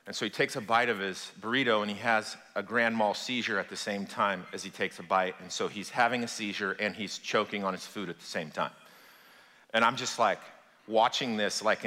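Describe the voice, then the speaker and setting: A man preaching as a pastor, telling a personal story in a lively, conversational way and addressing the congregation directly. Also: lowish voice, a little fast. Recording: long hall reverb.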